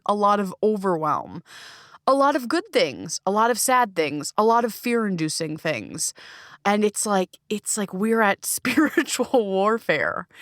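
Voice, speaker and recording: Recorded in a small closet with no room sound and clean studio audio, a medium-pitched woman hosts her own podcast and coaching. Alone at the mic, she speaks candidly and emphatically, expressive and liberally profane, in a solo monologue.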